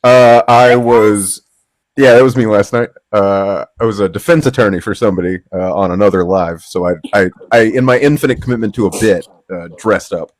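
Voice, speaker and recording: A man's voice: lowish voice, moderate pace. A man joining a livestream, telling a self-mocking story with a dry joking manner. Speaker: guest on livestream. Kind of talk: casual chat.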